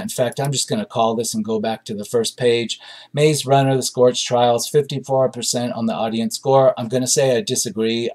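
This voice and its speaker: A man's voice: medium pitch, darkish tone. A man hosting a movie review show. He reads out audience reviews and reacts in casual, blunt commentary full of ums and uhs.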